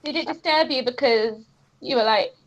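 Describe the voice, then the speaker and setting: Chatty high-voiced woman. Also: moderate pace. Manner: chatty, laughs easily. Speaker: guest comic creator. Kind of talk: casual chat. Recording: muffled lo-fi audio.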